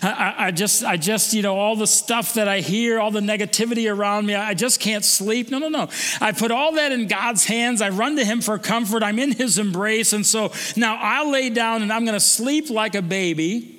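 A man's voice: normal speed, hardly any pauses, a bit bright, big-room sound. A pastor preaching a sermon in an earnest way, often repeating his first words and lifting his voice to stress a point. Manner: earnest, repeats words when starting phrases, rises in pitch when stressing a point. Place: church service.

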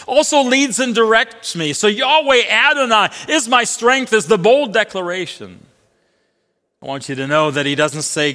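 A man preaching a sermon in a large church, rising to bold declarations and dropping to hushed quotes, leading the congregation in reading aloud together. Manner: swings between booming declarations and hushed quotes; leads congregation in call-and-response reading. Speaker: pastor. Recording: long hall reverb.

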